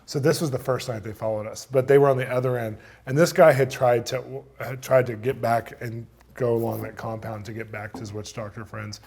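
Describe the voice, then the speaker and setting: A man's voice: medium pitch, a little fast, creaky, hardly any pauses, slightly rough. Man telling a wild story with laughter. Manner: excited, laughs through the telling, acts out voices. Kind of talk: animated storytelling.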